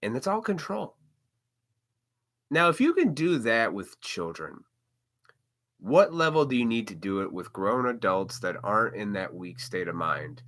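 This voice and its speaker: A man's voice: lowish voice, big pitch swings, measured pace, fairly bright tone. A man hosting a live stream, talking bluntly and with plenty of profanity in a ranting monologue.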